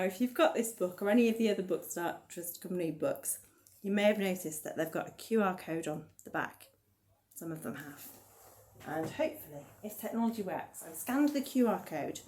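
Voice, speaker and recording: A woman leading a baby rhyme and story session as a children's librarian, gently encouraging parents to join in. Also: medium pitch.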